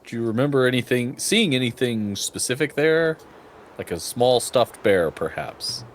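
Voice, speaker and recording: A man's voice: mid-range voice, moderate pace, slight background noise. A man playing in a tabletop game stream, joking and chatting in a playful way. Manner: playful and joking, with animated swings. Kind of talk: casual chat around a tabletop game.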